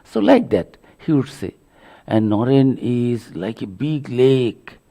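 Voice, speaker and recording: A man, a monk, giving a religious lecture full of stories, speaking haltingly with many fillers. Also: medium pitch, sing-song, creaky, warm tone. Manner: halting delivery, many fillers, acts out quotes.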